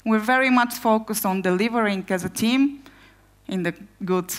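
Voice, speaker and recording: A woman speaker at a conference presents from the stage in a middle-pitched voice. Her talk is energetic and full of rhetorical questions aimed at the audience. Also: normal speed. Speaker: conference speaker, product owner.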